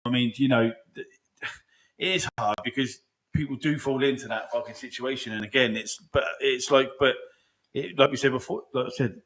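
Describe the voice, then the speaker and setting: A man's voice: medium pitch, steady tone, moderate pace, a bit bright. A young man hosting a podcast, chatting casually, rambling and swearing often, with frequent "do you know what I mean". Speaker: podcast host. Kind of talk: casual chat.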